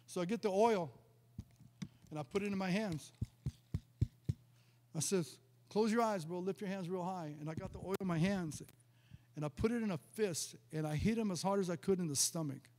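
A man's voice: sits high, normal speed, pauses often, darkish tone, a little hiss or hum. A male pastor preaching a sermon, telling a personal testimony with emphatic, vivid storytelling and acted-out dialogue. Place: church sanctuary. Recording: long hall reverb.

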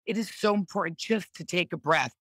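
A woman's voice: lowish voice, a bit bright, dry recording. Earnest encouraging middle-aged woman. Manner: earnest, encouraging, leads affirmations slowly. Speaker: podcast guest. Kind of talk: casual motivational chat.

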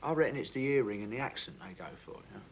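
An actor playing a cocky, joking young builder with a Geordie accent in a 1980s TV comedy-drama, matey and kind at heart. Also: male voice, mid-range voice, animated, very fast, natural voice. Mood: steady, kindly. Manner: joking, matey, calls people love and son. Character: cocky young male builder abroad, jokey but decent. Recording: dull lo-fi TV audio, faint hiss.

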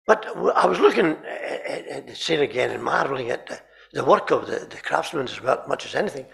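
A man preaching a sermon in a chapel, telling stories animatedly and often repeating words and clearing his throat. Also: medium pitch, lively intonation, normal speed, long pauses, a bit bright.

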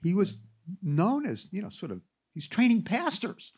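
A man in a lecture room, speaking in a somewhat high voice as he tells stories to a class. He talks like an animated storyteller and drops wry asides between his points. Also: measured pace, husky.

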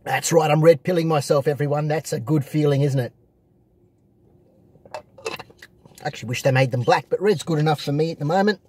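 A man's voice: fairly high pitch, moderate pace, pauses often, a little mellow, breathy edge. A man talking casually to his viewers from inside his parked car, rambling and repeating himself with many fillers. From Australia. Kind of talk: casual vlog monologue.

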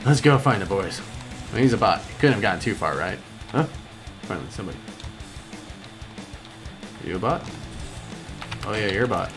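A man hosting a gaming video, giving excitable gameplay commentary and yelping high when things go wrong. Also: a little fast, pauses often, music in the background. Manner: excitable, yelps high-pitched when upset.

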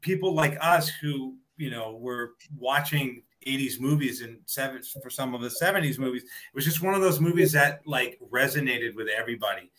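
Bright-voiced enthusiastic co-host. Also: male voice, medium pitch, moderate pace, hardly any pauses, low-quality recording. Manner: enthusiastic, laughs while retelling scenes. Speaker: podcast co-host. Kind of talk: casual chat.

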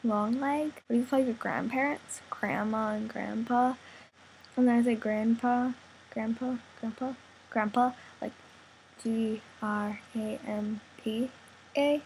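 Young woman talking slow and kinda high, casual vlog chat, faint hiss behind. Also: fairly even intonation, creaky, a little mellow, poor audio. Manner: casual, chatty, says "like" a lot, giggly. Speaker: vlogger. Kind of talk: reading a word list for an accent tag.

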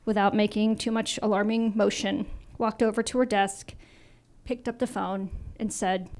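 A woman in her fifties giving a storytelling talk to an audience, animated and acting out dialogue as she goes. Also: mid-range voice, normal speed. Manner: animated, acts out quoted dialogue. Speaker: invited speaker.

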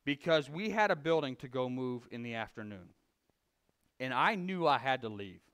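A man preaching a conversational sermon, telling a folksy story with frequent restarts and swinging between loud emphasis and quiet confession. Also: mid-range voice, expressive, normal speed, clean tone. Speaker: lay preacher.

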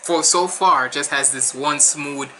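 A Caribbean man with a Jamaican accent reacting to a rap cypher, excited and chatty, often breaking into laughs. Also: a little high, unhurried. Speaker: reaction streamer.

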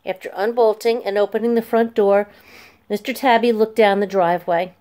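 A woman narrating a children's chapter book aloud in a clear, steady storytelling voice. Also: medium pitch, moderate pace.

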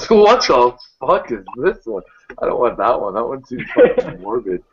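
A man's voice: mid-range voice, sing-song, moderate pace, noisy background. A man hosting a live video hangout, laughing hard and swearing freely. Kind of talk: casual chat. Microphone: video call. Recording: slightly dull video call audio.

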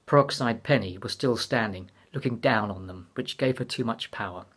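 A male author reading his own murder mystery aloud, measured and wry. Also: medium pitch, a bit bright, husky.

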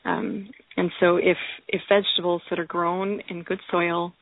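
A woman's voice: fairly low pitch, flat delivery, normal speed, dry recording. A woman guest in casual conversation who talks with enthusiasm, often laughs and repeats her words. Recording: tinny phone line.

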